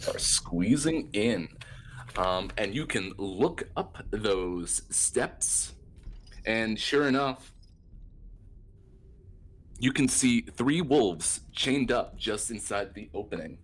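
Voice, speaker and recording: Low-voiced man running a tabletop game. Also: slow, pauses often. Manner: relaxed, descriptive scene-setting. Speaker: dungeon master.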